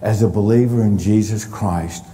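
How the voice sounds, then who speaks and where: A man preaching a sermon as pastor, emphatic and deliberate, leaning hard on key words. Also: on the low side, mellow, a little hiss or hum. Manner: emphatic, stresses words for effect. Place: church sanctuary. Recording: long reverb of a church hall.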